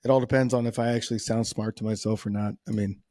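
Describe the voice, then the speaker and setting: A man's voice: on the low side, fairly even intonation, fast, warm tone, no echo. A man hosting a solo podcast, talking casually in a rambling, self-deprecating way with frequent restarts. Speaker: podcast host.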